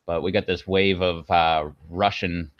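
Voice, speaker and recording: On his video stream, a channel host talks casually and a little slowly, with little pitch movement, rambling through jokes and plenty of filler words. The recording is dry with no echo, sounding dull and low-fidelity.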